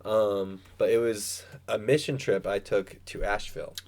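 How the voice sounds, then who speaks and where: A man's voice: lowish voice, fairly even intonation, moderate pace, a little mellow. A young man co-hosting a casual podcast, easygoing and agreeable, laughing now and then. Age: young adult. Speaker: podcast co-host. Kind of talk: casual chat.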